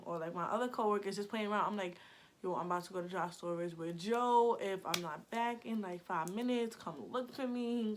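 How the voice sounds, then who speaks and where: A young woman telling a storytime vlog in a chatty, animated way, peppered with "like". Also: medium pitch. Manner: chatty, animated, heavy use of "like". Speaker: vlogger.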